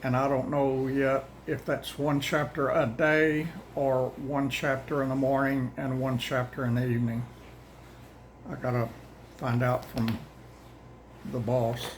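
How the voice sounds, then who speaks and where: A man's voice: mid-range voice, level tone, a little hiss or hum, rough recording. Older man, drawl, rambling. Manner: folksy, plain-spoken, says y'all; rambling, halting, restarts often. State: out of breath. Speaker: host of daily Bible readings. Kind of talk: casual chat to viewers.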